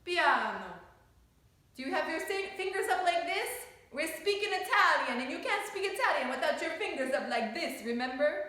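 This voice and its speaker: A woman's voice: extremely high pitch, lively intonation, normal speed, sharp tone. A woman teaching a children's music lesson, encouraging the class as she sings and chants rhythms along with them. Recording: echoey room.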